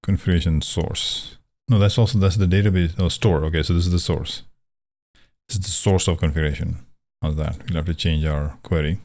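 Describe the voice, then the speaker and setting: A man with a very low voice walks through code in a casual screen-share lesson. He thinks aloud as he goes, correcting himself often, with a wry, joking manner. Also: fairly even intonation, a little fast, darkish tone. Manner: wry, joking about pronunciation. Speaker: programming tutor.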